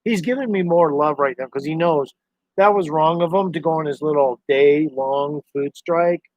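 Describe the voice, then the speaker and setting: On a live stream, a man rambles casually to his viewers and to his dog. His voice is on the high side at normal speed, recorded dry with dull, lo-fi sound and no room sound.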